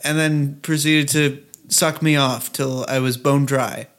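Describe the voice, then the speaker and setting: A man's voice: medium pitch, steady tone, unhurried, a bit bright. A man co-hosting a podcast in casual chat, ranting with sarcasm and crude swearing. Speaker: podcast co-host.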